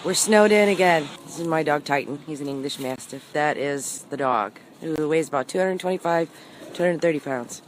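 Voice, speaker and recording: Chatty low-voiced woman. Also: moderate pace, slight background noise. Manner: chatty and rambling. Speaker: vlogger. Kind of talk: casual home vlog.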